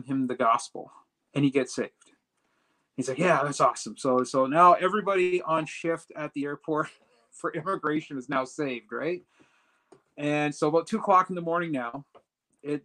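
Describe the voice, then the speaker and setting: A man telling a personal story in a casual, animated way, acting out the dialogue as he goes. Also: a little high, low-quality recording. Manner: animated retelling that acts out quoted dialogue. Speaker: storyteller recounting a personal trip.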